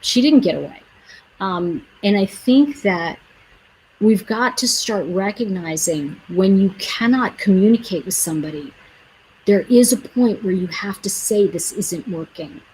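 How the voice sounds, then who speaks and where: A woman's voice: mid-range voice, animated, measured pace, a little mellow, a little hiss or hum, low-quality recording. A woman host talking to her viewers in a casual, chatty way. She tells stories, acts out what people said and gives earnest advice. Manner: chatty, acts out quoted dialogue; earnest, advising. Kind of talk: casual livestream storytelling.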